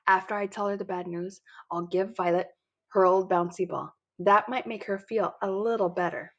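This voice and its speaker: A woman narrating a first-person children's story in a lively, childlike storytelling manner. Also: medium pitch, normal speed, lo-fi sound. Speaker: audiobook narrator.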